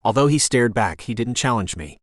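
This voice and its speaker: A man narrating a romance audiobook in the first person with steady, intense storytelling on a close studio mic. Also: mid-range voice, brisk, dry recording.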